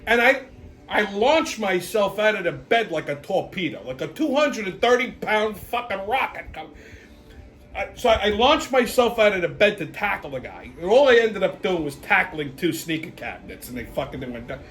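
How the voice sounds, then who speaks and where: A man hosting his own show, telling stories in a profane, exasperated, animated rant. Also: sits high, normal speed, soft background music. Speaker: show host. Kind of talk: casual storytelling rant.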